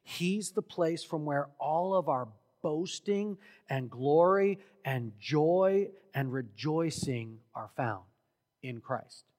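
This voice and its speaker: A man preaches in a measured, unhurried sermon, his voice sitting a bit high. He leans hard on key words and swells to loud, emphatic exhortation. The sound rings with the long reverb of a church sanctuary. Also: lively intonation. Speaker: pastor.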